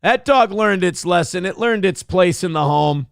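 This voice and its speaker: A man's voice: high voice, lively intonation, moderate pace, vocal fry, clear, resonant tone, no room sound, clean studio sound. Foul-mouthed, mocking male show host. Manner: angry, mocking, heavy swearing. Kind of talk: profane commentary reacting to a clip.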